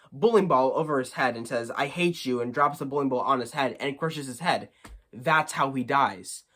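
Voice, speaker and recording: A young man giving a casual movie review, animated and quick to get worked up. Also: on the high side.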